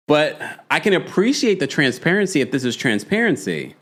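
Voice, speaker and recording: A man's voice: a little high, very animated, brisk, hardly any pauses, a bit bright. A man with a New York accent hosting a live reality-show recap, reading viewer comments and laughing often as he acts out quotes. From United States.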